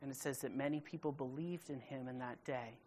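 A woman's voice: rumbling low, darkish tone, a little hiss or hum. Woman teaching a casual Bible study. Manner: reads scripture then paraphrases it in casual modern speech; emphatic, stretches key words slowly.

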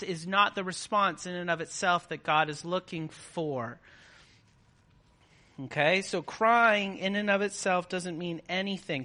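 A man's voice: high voice, sharp tone. A man preaching a conversational sermon to a live congregation, often checking in with his listeners. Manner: conversational, keeps checking in with the audience.

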